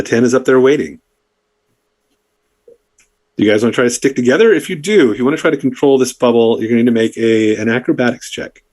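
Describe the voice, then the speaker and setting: A man's voice: medium pitch, darkish tone. Rambling male dungeon master. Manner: loose, rambling with many fillers. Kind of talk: narrating a tabletop game.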